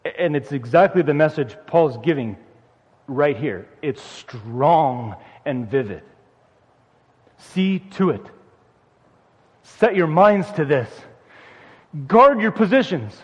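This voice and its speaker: A man's voice: a little high, expressive, slow, long pauses, darkish tone, slightly rough. A man preaching a sermon, earnestly repeating phrases for emphasis and lifting his voice when he urges the listeners on. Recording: muffled hall recording with long reverb.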